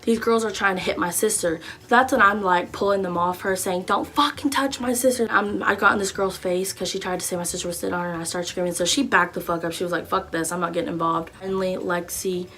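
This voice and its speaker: Young woman, casual storytime vlogger; lively, profane delivery with shouted quotes. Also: fairly low pitch, fast, few pauses, a little hiss or hum. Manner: animated, profane, swings into loud shouted quotes.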